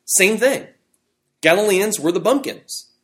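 Man teaching a lively Bible class. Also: high-pitched, measured pace. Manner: conversational and animated, with fillers and restarts. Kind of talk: classroom Bible lesson with fill-in notes.

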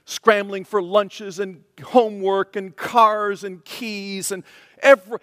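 A man preaching with a high, lifted voice, earnest and emphatic, hammering his points home through repetition. His voice is close and dry at the mic, yet a long reverb trails behind it as if it fills a large hall. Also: flat delivery, slow, a bit bright. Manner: earnest, emphatic, repeats key phrases. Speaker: pastor. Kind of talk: sermon.

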